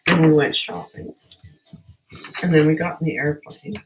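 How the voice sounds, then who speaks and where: A woman's voice: low voice, normal speed, faint music behind, poor audio. A woman, likely older, chatting her way through an art tutorial while hiccuping, rambling and laughing at herself. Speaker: artist. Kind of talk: casual craft tutorial.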